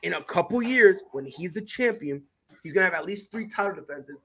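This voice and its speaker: A man's voice: sits high, expressive, brisk, fairly bright tone, slightly rough. A man co-hosting a casual sports chat, boisterous and emphatic, making bold hyped predictions. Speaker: podcast co-host.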